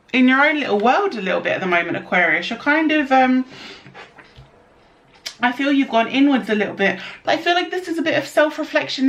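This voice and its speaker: Casting: young woman, tarot reader, slightly high voice, rambling chatty delivery. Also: fairly bright tone. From United Kingdom. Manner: chatty, rambling, many fillers and restarts. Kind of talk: casual tarot reading to camera.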